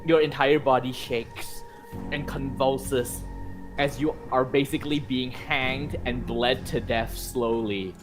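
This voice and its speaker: A man narrates a horror tabletop game as its game master, describing each gruesome wound vividly. Soft music plays behind his voice. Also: mid-range voice, fairly even intonation, slow. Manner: vivid gory narration with asides.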